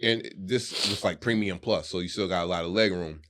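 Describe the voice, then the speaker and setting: Man, lowish voice, laid-back storyteller, casual podcast chat. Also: brisk. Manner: relaxed, low-key, acts out quoted lines.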